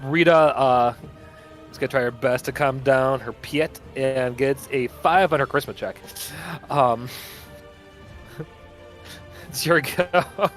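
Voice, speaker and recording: A man's voice: mid-range voice, slow, pauses often, faint music behind. A man running a tabletop game as game master, narrating and laughing often.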